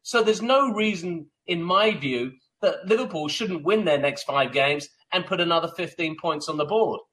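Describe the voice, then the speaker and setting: Heard through a rough recording, this man's voice is a little high, expressive and a bit bright, at normal speed. As co-host and soccer pundit on a radio show, he rambles emphatically in casual sports talk, with lots of fillers and restarts.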